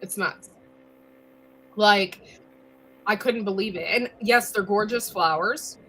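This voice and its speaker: Chatty bright-voiced woman co-host. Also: medium pitch, slow, husky. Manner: chatty, laughs often, says "like" and "dude"; chewing while talking. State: recovering from illness. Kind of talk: casual live-stream chat.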